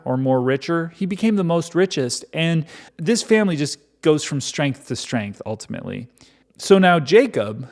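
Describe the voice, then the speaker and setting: A man's voice: medium pitch, darkish tone. A man reading a Bible chapter aloud and breaking off for casual, joking commentary. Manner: irreverent, joking asides between readings.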